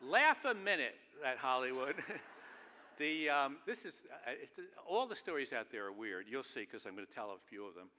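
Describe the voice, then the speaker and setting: A man with a bright, crisp voice tells wry, self-deprecating stories to an audience. His speech rings out with the long reverb of a large theater. He talks loosely and conversationally, as if chatting with friends. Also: medium pitch, very animated, normal speed. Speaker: keynote speaker. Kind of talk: humorous anecdotal speech.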